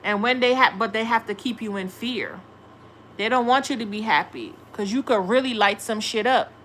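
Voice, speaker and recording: Woman, young adult, tarot stream host, casual, blunt, cursing, bright tone, slightly high pitch. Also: moderate pace, slight background noise. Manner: blunt, profane, talks back to chat. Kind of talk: casual livestream chat.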